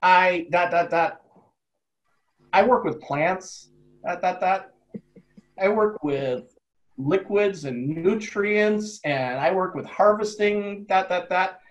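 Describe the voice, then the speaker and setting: A man voicing a young male plant scientist who is unsure and defensive, pausing and speaking his punctuation aloud. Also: sits high, highs cut off. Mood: hesitant. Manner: hesitant, dictates punctuation aloud.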